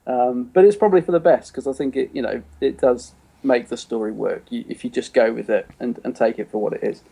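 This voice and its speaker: A man with a mellow, warm tone co-hosts a podcast, talking loosely and at length. He circles his points with plenty of "you know" and false starts, in a relaxed conversational style. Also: mid-range voice, fairly quick, vocal fry, breathy edge. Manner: rambling, full of "you know" and restarts. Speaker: podcast co-host. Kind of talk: casual chat reviewing an episode.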